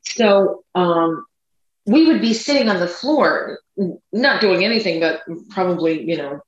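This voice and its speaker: Low-voiced woman telling a story in an echoey room. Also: animated. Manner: chatty, rambling, speeds up and slows down. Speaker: podcast co-host. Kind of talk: casual storytelling chat. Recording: echoey room, dull lo-fi sound.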